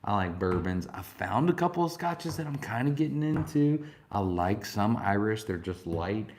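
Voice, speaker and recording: A man's voice: lowish voice, lively intonation, normal speed, a little mellow. A man hosting a live whiskey tasting, chatting casually, swearing freely and answering viewers.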